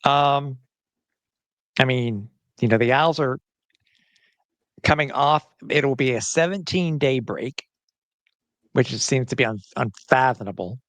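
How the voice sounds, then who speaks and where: Brief: male podcast host, mid-pitched, chatty and loose, stops and restarts a lot, dry close mic. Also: measured pace, long pauses, a bit bright, dry recording. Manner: chatty, with frequent restarts and fillers. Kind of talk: casual sports podcast chat.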